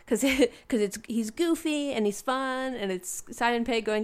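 A chatty woman co-hosting a podcast, talking casually and freely. She laughs often and drops animated asides as she goes. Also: on the high side, moderate pace, clear, resonant tone. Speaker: podcast co-host. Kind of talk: casual chat.

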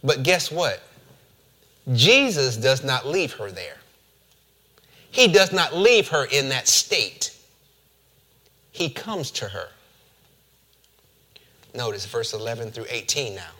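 Animated, bright-voiced preacher man. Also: mid-range voice, slow, pauses often. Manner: animated, playful asides to the congregation. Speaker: pastor. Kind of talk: sermon with scripture reading.

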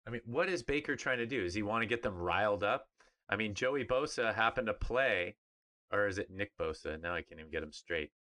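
A middle-aged man talks sports on a podcast, emphatic and animated. His voice sits fairly low but has a bright, forceful edge. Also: brisk. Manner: animated, emphatic, mimics others in funny voices. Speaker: podcast co-host, former pro player. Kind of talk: casual sports talk.

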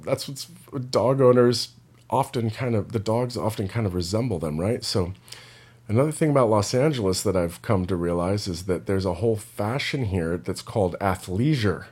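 Laid-back man with a low voice. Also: a little mellow, slightly rough. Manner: loose and meandering, heavy use of "like". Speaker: indie rock singer and vlogger. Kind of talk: casual rambling vlog chat.

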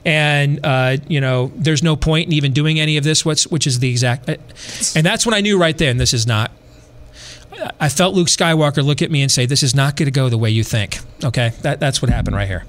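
Podcast host, male, slightly high voice, animated and repetitive, dry asides. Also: fairly quick. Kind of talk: casual storytelling.

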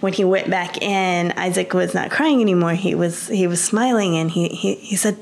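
A woman with a lowish, gravelly voice recounts her own past as an interview guest. She talks earnestly and plainly, often backing up to restart a sentence. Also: steady tone, normal speed, hardly any pauses. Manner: earnest storytelling with frequent restarts. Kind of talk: personal testimony.

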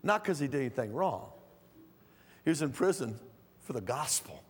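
A middle-aged male pastor preaching a sermon in a church, swinging from calm low teaching to loud pleading. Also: moderate pace, breathy edge. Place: church sanctuary. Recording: reverberant hall.

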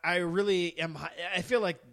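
A man's voice: high voice, steady tone, normal speed, gravelly, a bit bright. A man co-hosting a beer podcast, talking casually, rambling and laughing as he goes. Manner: rambling, restarts often, laughs while talking. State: has the hiccups. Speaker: podcast co-host. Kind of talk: casual chat.

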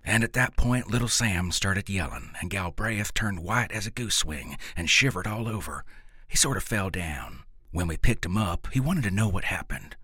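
A man's voice: low voice, animated, moderate pace, sharp tone, husky, no room sound, clean studio sound. A man reading a first-person story aloud in a folksy, drawling rural dialect. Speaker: narrator.

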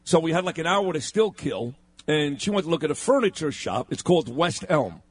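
A fairly high-pitched man hosts talk radio, retelling a run-in with great indignation. He acts out every exchange with emphatic punches. The recording is dry and close. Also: big pitch swings, fairly quick, breathy edge, dry recording. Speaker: radio talk show co-host. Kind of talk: animated storytelling on talk radio.

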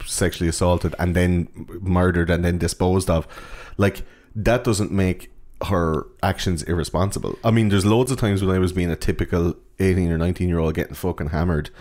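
Deep-voiced blunt man chatting casually. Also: steady tone, moderate pace, few pauses, a little mellow. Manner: blunt, swears freely, rambling. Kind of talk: casual chat.

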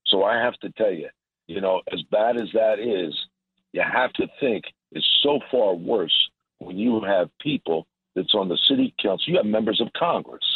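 Deep, husky man on a tinny phone line. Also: no room sound. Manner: emphatic, repetitive, indignant. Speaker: guest commentator. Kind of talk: political commentary by phone.

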